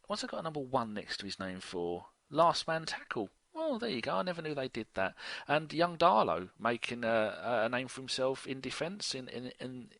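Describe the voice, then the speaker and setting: A man's voice: mid-range voice, sing-song, moderate pace, a bit bright, no room sound. An English man co-hosting a football podcast, chatting in a jokey way and often unsure of players' names. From England. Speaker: podcast co-host. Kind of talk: casual football chat.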